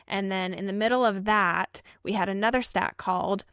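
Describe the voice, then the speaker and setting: Woman, podcast co-host, smooth voice, dry close sound, earnest storytelling. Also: mid-range voice, steady tone, moderate pace, fairly bright tone, no echo. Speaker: podcast co-host, emergency vet tech. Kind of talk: casual podcast chat.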